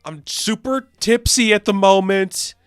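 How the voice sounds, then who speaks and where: A man's voice: sits high, a little slow, smooth, no room sound, studio quality, voice pushed up. A man voicing a tipsy older woman who fussily scolds a group of young women, in a raised, exasperated tone.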